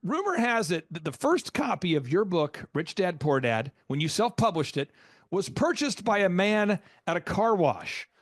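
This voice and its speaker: A man hosting a business podcast, effusive and full of praise, with quick fillers as he asks long questions. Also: high voice, very animated, no echo, clean studio sound. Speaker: podcast host. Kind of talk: enthusiastic interview hosting.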